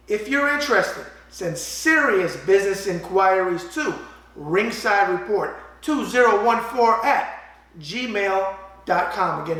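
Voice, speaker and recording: A raspy-voiced man with a New York accent hosting a show, bantering in a brash wise-guy way. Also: sits high, sharp tone. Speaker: host. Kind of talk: casual call-in talk show.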